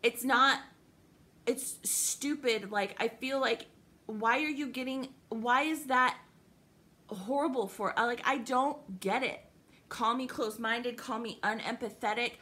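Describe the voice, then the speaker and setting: Fiery high-pitched young woman ranting. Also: measured pace, sharp tone. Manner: profane, heated, sarcastic. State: upset, livid. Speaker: vlogger. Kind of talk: angry rant to camera.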